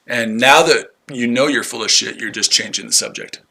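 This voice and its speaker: A man's voice: medium pitch, a little fast, gravelly, pushed and bright, husky. A man hosting a live trading stream, talking to his chat viewers in a combative, profane way and repeating himself a lot. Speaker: livestream trading host. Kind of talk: unscripted livestream talk to chat viewers.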